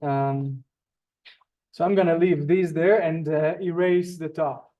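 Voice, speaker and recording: Slow, exaggerating language teacher, a man. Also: on the high side, fairly even intonation, highs cut off. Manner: drawn-out, exaggerated pronunciation of words. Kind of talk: live online beginner lesson. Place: teaching room in front of a board. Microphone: video call.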